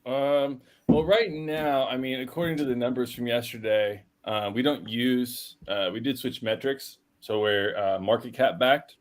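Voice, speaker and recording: A man's voice: mid-range voice, steady tone, measured pace, few pauses. Laid-back man on a call. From United States. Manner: laid-back, hesitant, with fillers. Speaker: team member. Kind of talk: casual chat.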